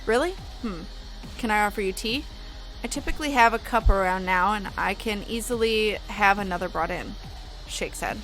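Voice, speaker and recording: Bright-voiced young woman reading aloud. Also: mid-range voice, lively intonation, brisk, faint music behind. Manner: chatty, breaks off to comment and laugh. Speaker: streamer reading horror files. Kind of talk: casual dramatic reading.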